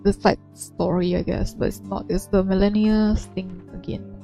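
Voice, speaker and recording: Mellow-voiced woman musing over a game. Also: medium pitch, level tone, moderate pace, creaky, faint music behind. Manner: chatty, musing aloud, laughs often. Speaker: game streamer. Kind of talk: casual gameplay commentary.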